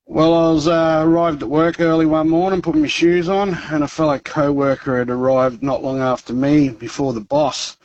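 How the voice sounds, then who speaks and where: An Australian caller telling a story in an easygoing way, his voice sitting slightly high. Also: fairly even intonation, normal speed, hardly any pauses, darkish tone, dull audio. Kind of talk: phone-in anecdote.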